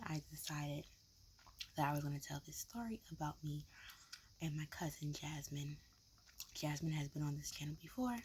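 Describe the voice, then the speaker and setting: A woman, whispering and talking low in a whispered role-play style, chewing gum close to the mic, with many likes and ums. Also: a little hiss or hum. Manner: mixes soft whisper with low talking, filler-heavy. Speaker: ASMR vlogger. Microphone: close ASMR mic, gum chewing.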